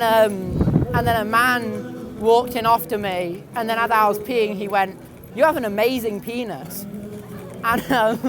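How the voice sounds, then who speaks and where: A young man, a comedian and tour guide, rambling in a gloomy, self-deprecating deadpan and swearing freely, outdoors on a busy city street. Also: extremely high pitch. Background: traffic and street noise.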